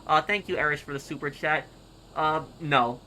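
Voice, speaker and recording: A man streaming and reading comments aloud in casual chat, halting and repeating words as he goes. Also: fairly high pitch, fairly even intonation, sharp tone, slight background noise, poor audio.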